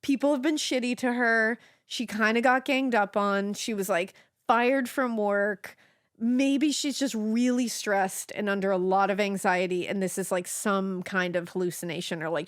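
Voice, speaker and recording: Animated woman telling a true-crime story. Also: medium pitch, normal speed, no room sound, clean studio sound. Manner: animated, swearing freely, acting out quotes. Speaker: podcast co-host telling the case.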